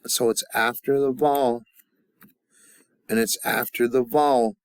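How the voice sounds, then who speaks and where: A man teaching a language class, leading the students through call-and-response drills and pausing often with fillers and restarts. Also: medium pitch, steady tone, smooth, dry recording. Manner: halting, with many fillers and restarts. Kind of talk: classroom grammar lesson.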